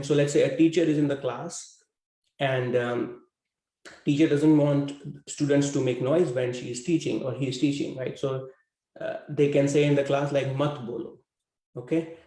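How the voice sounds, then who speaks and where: A man's voice: on the high side, mellow, reverberant, rough recording. A man teaching a language class over a video call, talking with many fillers and putting questions to his students. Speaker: Hindi teacher.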